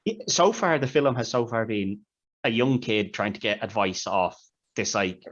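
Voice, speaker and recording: A man's voice: lowish voice, animated, moderate pace, fairly bright tone. A man co-hosting a podcast, chatting casually about a film and retelling its scenes in a rambling way. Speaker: podcast co-host. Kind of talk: casual film review chat. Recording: dull lo-fi sound.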